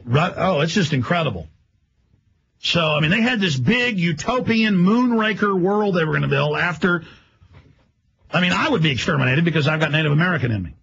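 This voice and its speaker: A man hosting a radio show, delivering a rapid, emphatic, rambling monologue. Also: on the high side, animated, fairly bright tone, husky, muffled recording.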